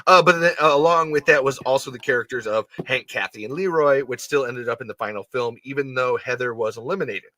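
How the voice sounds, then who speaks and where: A man's voice: mid-range voice, a little fast, few pauses, sharp tone, dry recording. A young man hosting a podcast in casual chat, rambling with many fillers and swearing freely. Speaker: podcast host.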